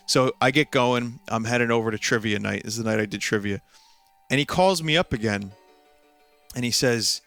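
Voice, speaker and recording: A man's voice: medium pitch, moderate pace, fairly bright tone, smooth, faint music behind. A man streaming a video game, casually telling a long story with lots of fillers, restarts and amused asides.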